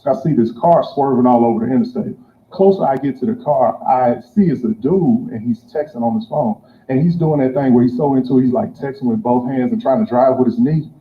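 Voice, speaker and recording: A man's voice: mid-range voice, a little fast. A man telling a conversational, exasperated stand-up story. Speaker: stand-up comedian. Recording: echoey, tinny phone-like audio with faint hiss.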